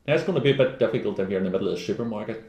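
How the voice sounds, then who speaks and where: A man's voice: fairly low pitch, lively intonation, racing, darkish tone. A man co-hosting a casual wellness chat, rambling and jokey as he gives advice. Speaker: co-host. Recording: echoey room.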